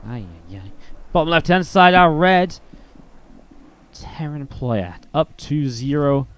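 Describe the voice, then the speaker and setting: A man's voice: a little high, lively intonation, takes it slowly, fairly bright tone, smooth. A man with an English accent casting a live strategy game match, mixing play-by-play calls with chatty asides. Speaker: esports caster.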